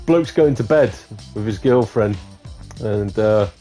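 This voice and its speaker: A man's voice: fairly low pitch, takes it slowly, soft background music. A man on a live gaming stream, telling jokes casually, swearing and laughing at his own punchlines. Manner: swearing, laughing, animated storyteller.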